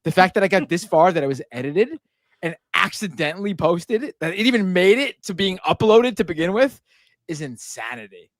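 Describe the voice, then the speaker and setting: A podcast co-host talking casually, animated and ranting, with lots of fillers and restarts. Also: mid-range voice, normal speed, dry recording.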